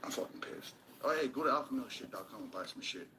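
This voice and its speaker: A man's voice: medium pitch, expressive, rapid-fire, sharp tone, slight background noise, low-quality recording. A man ranting in a vlog, agitated and swearing nonstop, repeating himself. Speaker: vlogger ranting to camera. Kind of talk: angry profane vlog rant.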